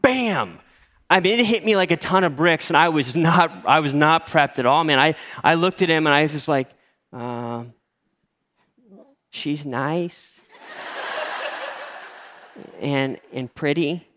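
A man in his forties, a pastor telling a story in a sermon with lively acted-out voices. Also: on the high side, fairly quick, hardly any pauses. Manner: animated storytelling, acting out quoted voices. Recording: long hall reverb.

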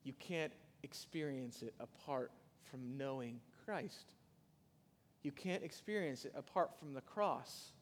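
A man preaching a sermon in a conversational way, with sudden loud rises and soft drops. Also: medium pitch, slow pace, a little hiss or hum. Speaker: pastor. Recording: long hall reverb.

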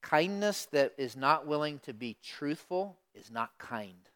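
A middle-aged man preaching a sermon as pastor, swinging from hushed asides to loud emphatic lines. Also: fairly high pitch, expressive, a little slow.

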